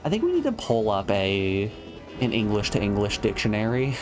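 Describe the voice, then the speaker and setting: Male streamer, low voice, dry joking asides over faint game music. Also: wildly swooping pitch, moderate pace. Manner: wry, joking, thinking aloud. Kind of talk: casual gameplay commentary.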